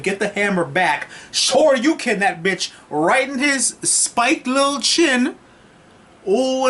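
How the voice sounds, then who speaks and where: An excitable male movie reviewer recapping a film in a slightly high voice. He rambles and swears freely, talking to the camera like he is chatting with friends. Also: a little hiss or hum.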